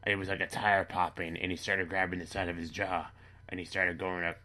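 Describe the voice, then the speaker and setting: A man delivering a rambling, matter-of-fact comedy monologue with halting restarts. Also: low-pitched, level tone, bright, forceful tone. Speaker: comedy character monologue host. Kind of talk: deadpan dark comedy monologue.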